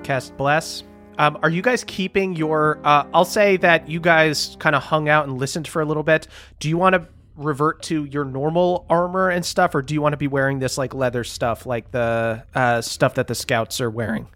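A man narrating a tabletop game as game master, describing scenes in a relaxed way with lots of "um" and "like". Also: fairly high pitch, normal speed, faint music behind.

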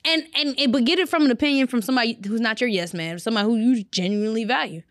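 A woman's voice: fairly high pitch, racing, dry recording, clean studio sound. A young woman, co-hosting a casual podcast chat, laughing often and giving blunt advice. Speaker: podcast co-host.

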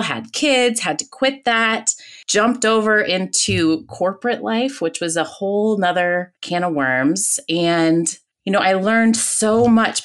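A woman in her forties, a podcast guest telling her own story in a candid, lively way, often adding "right?" and "like". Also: mid-range voice. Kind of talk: casual personal storytelling.

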